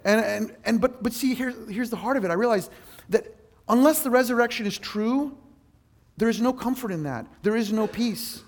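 High-voiced earnest male preacher. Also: normal speed. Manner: earnest, self-deprecating, animated storytelling. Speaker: pastor. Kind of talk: sermon.

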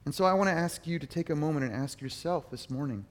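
A middle-aged man preaching a sermon, telling a personal story with animated, emphatic bursts. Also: fairly high pitch, fast talker. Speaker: pastor.

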